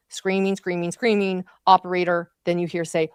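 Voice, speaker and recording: A woman's voice: lowish voice, steady tone, moderate pace, hardly any pauses, clear, resonant tone, no echo, studio quality. A woman commentating on a trial, recounting events in vivid, emotional detail. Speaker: true crime commentator.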